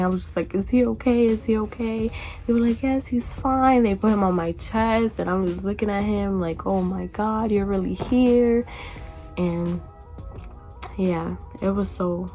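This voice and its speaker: This twentysomething vlogger, whose tone runs darkish, tells a story in a relaxed, chatty way. She pitches her voice up to act out whoever she's quoting.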